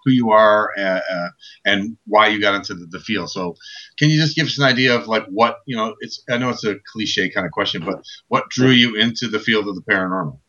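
A chatty male radio host from Chicago who jokes around and talks in a loose, rambling way. His voice is bright and forward, and the broadcast sound is dull and lo-fi. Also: fairly low pitch, fairly quick. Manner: loose, chatty, joking, many fillers. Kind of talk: casual radio interview.

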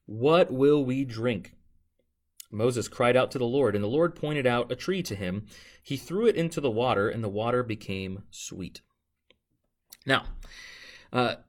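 A man preaching a sermon in a conversational way, often asking "right?" and acting out complaints in a mocking voice. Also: medium pitch. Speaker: pastor.

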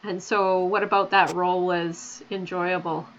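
A woman's voice: on the low side, level tone, unhurried, highs cut off. A woman interviewing a guest in a casual, chatty, self-deprecating way.

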